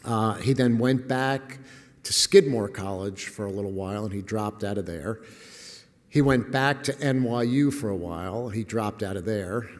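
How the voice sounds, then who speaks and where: An older man speaks as a guest lecturer in a lecture hall, telling humorous stories in a lowish voice at a moderate pace. He's wry and self-deprecating, chuckling at his own lines, and the recording carries the hall's echo.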